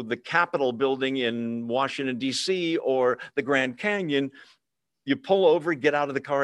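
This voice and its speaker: A man's voice: mid-range voice, fairly bright tone, dry recording. Man, Bible study leader, conversational, video call, dry sound. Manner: conversational, with fillers and humorous asides. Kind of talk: casual Bible teaching. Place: online video meeting.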